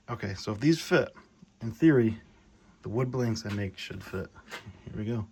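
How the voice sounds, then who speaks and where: A young man thinking aloud and getting excited as he works in a home workshop, filming a casual maker vlog. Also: mid-range voice, moderate pace. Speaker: maker vlogger.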